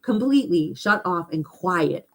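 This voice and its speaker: Middle-aged woman, spiritual talk host, lower voice with wide swings, animated. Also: a little slow, slight background noise. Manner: animated, acts out quoted chatter in higher mocking tones.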